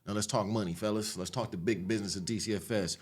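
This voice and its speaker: A man's voice: on the low side, quick pace, husky. Man telling a street story. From Los Angeles area. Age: adult, after an 18-year sentence. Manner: animated, streetwise, profane retelling. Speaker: podcast guest. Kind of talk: casual storytelling interview.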